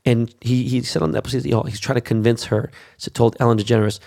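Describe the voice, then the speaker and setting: Young male host, foul-mouthed and brash, gravelly voice, ranting monologue. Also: mid-range voice, fairly even intonation, quick pace, a little mellow. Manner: brash, cursing constantly. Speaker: show host.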